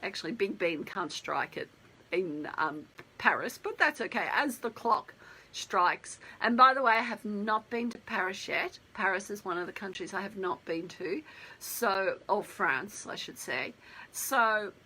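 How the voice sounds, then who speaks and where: A woman's voice: mid-range voice, animated, a little slow, bright, forceful tone, breathy edge, poor audio. A middle-aged Australian woman, a wedding planner telling stories in a chatty, rambling live stream and talking straight to her viewers. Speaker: wedding planner and textile artist. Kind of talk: casual live-stream storytelling.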